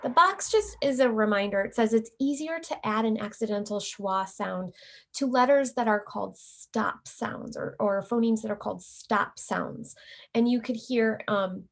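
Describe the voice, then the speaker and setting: A woman's voice: fairly high pitch, moderate pace, gravelly, a bit bright. A middle-aged woman lecturing teacher candidates, explaining carefully and demonstrating letter sounds. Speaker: teacher educator. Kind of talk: recorded lecture.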